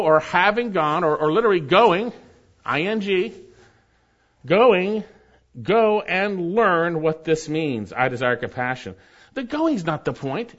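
A man's voice: high voice, fairly bright tone, lo-fi sound. A man preaching a sermon as a pastor, teaching with casual asides and frequent "okay?" checks.

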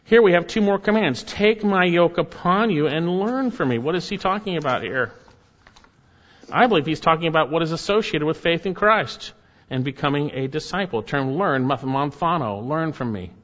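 A man's voice: a little high, animated, normal speed, fairly bright tone. A man preaching an expository sermon, earnest and emphatic, pressing his points with rising and falling intensity. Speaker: pastor. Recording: muffled, with long hall reverb.

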